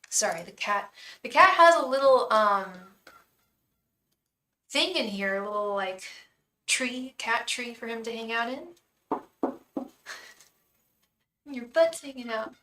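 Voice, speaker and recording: Chatty woman, slightly high voice, casual stream talk with baby-talk asides, set back from the mic. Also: lively intonation, slow, pauses often, pushed and bright, recorded from a distance. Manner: chatty, coos baby talk at her cat. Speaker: tarot reader and psychic on a live stream. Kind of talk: casual live-stream chat. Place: room at home. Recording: echoey room, voice off-mic, faint noise.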